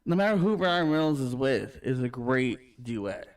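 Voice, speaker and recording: A man co-hosting a casual talk show, cutting in with quick jokes and reading out the news. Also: mid-range voice, very animated, clear, resonant tone. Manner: joking, quick interjections. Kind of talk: casual chat.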